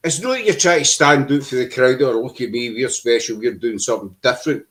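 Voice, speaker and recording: A man's voice: medium pitch, a little fast, a bit bright. A man hosting a casual paranormal chat show over a video call, with joking banter. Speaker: podcast host.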